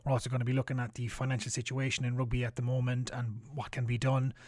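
A man opens his podcast with a steady, friendly read. His voice sits in a middle pitch and sounds close and dry, with no room around it. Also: very fast, no echo. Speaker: podcast host. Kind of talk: scripted podcast intro.

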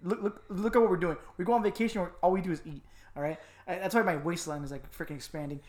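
A man co-hosting a casual chat podcast, telling stories with animated voices for the people in them. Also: fast. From Miami. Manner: animated storyteller, acts out voices with big pitch jumps. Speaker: podcast co-host.

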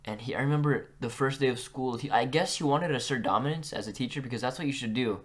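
A young man hosting a podcast, telling school stories in a casual, animated way and acting out what people said. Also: medium pitch, fast. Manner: animated, acts out quotes with big jumps in loudness. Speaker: podcast host. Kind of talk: casual storytelling.

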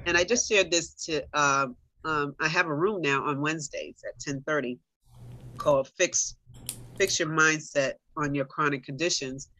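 A woman's voice: sits low, moderate pace, pushed and bright. A middle-aged woman in casual conversation, telling her own story animatedly and talking straight to her listeners. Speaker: guest sharing her story.

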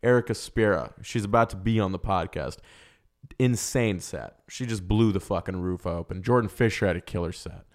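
A young man hosting a comedy podcast, talking in a loud, crude, joking way. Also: deep voice, normal speed. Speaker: podcast host. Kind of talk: casual comedy podcast chat.

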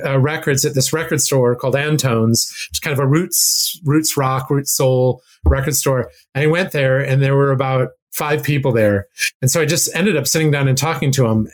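A man telling a long music anecdote in casual chat, acting out quotes with lively restarts. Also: mid-range voice. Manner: animated, acts out quotes with rambling restarts. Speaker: guest music expert. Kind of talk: casual storytelling.

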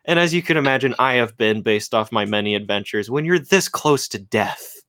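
A woman chatting casually as a podcast co-host, animated and jokey, rambling through a movie scene. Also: a bass voice, a little fast. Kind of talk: casual chat about a movie.

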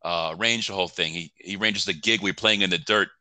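A man speaks in a relaxed, halting manner, often trailing off. His voice is fairly low yet very bright and sharp, recorded close and dry. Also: dry recording. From United States. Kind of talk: casual conversation.

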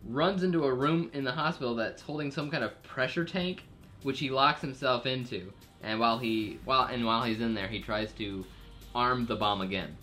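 A man's voice: medium pitch, a bit bright. A man casually recapping a TV episode's plot for a podcast, rambling with fillers and jokey asides. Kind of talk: casual chat.

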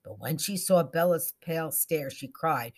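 A woman reading a story aloud with expression, dropping to soft whispers at tense moments. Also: low voice, normal speed. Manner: expressive, shifting into soft whispers and raised character voices.

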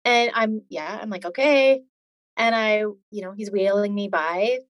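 A woman's voice: mid-range voice, normal speed, a bit bright, dry recording. A woman in her forties telling her own story in an interview, earnest and detailed. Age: 40s. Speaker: podcast guest.

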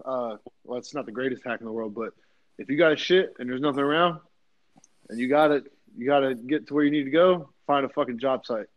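A man's voice: mid-range voice, a little fast, muffled recording. A man joking crudely in casual podcast chat.

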